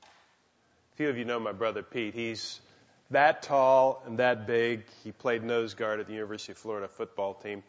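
A man's voice: mid-range voice, fairly even intonation, normal speed, big-room sound. A man speaking at a men's gathering, giving a devotional talk told through folksy anecdotes, on a dull lo-fi recording.

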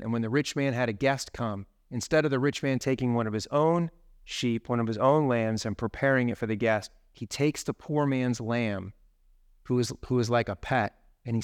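A man's voice: mid-range voice, moderate pace, no echo, clean studio sound. A man preaching a sermon as a pastor in a conversational way, tossing in tag questions and casual asides.

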